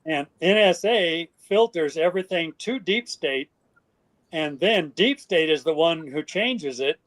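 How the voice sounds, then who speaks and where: An older man, a guest in an interview, telling stories in a lively way and acting out what others said. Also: on the high side, measured pace. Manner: animated, acts out quoted voices. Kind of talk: storytelling interview.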